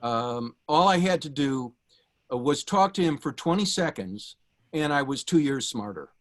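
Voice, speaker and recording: A middle-aged man giving a prepared tribute over a video call, telling anecdotes in a warm way with many small pauses and fillers. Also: mid-range voice, lively intonation. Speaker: guest speaker giving a tribute.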